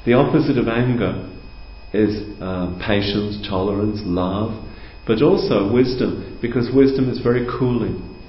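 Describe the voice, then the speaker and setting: A man giving a calm, conversational teaching talk to a group, explaining patiently and asking rhetorical questions. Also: mid-range voice. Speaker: spiritual teacher. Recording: roomy, dull lo-fi recording.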